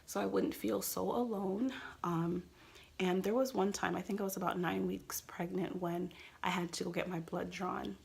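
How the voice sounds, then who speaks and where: A woman in her thirties talks straight to her viewers in a candid, confiding vlog. Her mid-pitched voice is husky and gravelly, and she often slips into quoting what others said to her. The delivery is casual personal storytelling. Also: steady tone, normal speed. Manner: candid, confiding, with quoted dialogue and soft trailing phrases. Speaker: vlogger sharing pregnancy coping tips.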